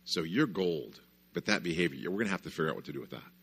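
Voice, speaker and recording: Low husky guy talking to a church crowd, chatty, keeps saying right?. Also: lively intonation, fast, fairly bright tone. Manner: conversational, lots of "right?" asides. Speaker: conference speaker. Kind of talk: storytelling parenting talk. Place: church conference stage.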